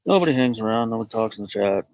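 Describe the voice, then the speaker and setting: A man live-streaming outdoors from his farmyard on a phone, rambling to viewers and talking softly to his goats. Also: on the low side, expressive, racing, dry recording, poor audio. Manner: rambling, talks softly to animals. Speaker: livestreamer tending goats. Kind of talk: casual live-stream monologue.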